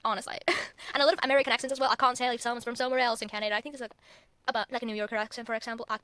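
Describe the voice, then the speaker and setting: A woman's voice: fairly high pitch, flat delivery, very fast, bright, forceful tone, dry recording. A young woman rambling casually in a phone-recorded vlog, swearing often. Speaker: vlogger.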